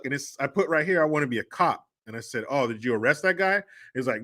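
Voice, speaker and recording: A man's voice: on the high side, lively intonation, fairly quick, few pauses, pushed and bright. A man hosting a livestream, telling family stories in a joking, crude way and laughing often. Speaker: host. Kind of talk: casual livestream talk.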